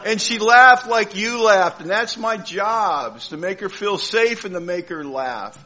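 A man's voice: sits high, lively intonation, drawn-out words, long pauses, sharp tone, some chatter behind, rough recording. A middle-aged man telling a heartfelt, funny personal story to a meeting. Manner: heartfelt, humorous storyteller with comic timing. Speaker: speaker at a recovery meeting.

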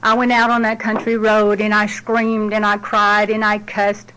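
A woman's voice: medium pitch, completely flat delivery, moderate pace, sharp tone, poor audio. A middle-aged woman, giving a heartfelt personal testimony at a support group meeting in a plain, down-to-earth way.

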